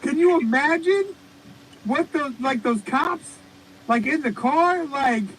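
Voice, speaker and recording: A man's voice: very high voice, takes it slowly, a little hiss or hum, low-quality recording. A man co-hosting a podcast, telling rambling, profane stories in casual comedic chat. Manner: rambling, profane, animated storytelling. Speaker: podcast co-host.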